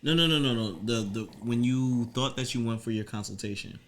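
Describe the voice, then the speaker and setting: A man's voice: medium pitch, brisk, fairly bright tone, a little hiss or hum. A man co-hosting a podcast, asking short follow-up questions in casual chat. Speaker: podcast co-host.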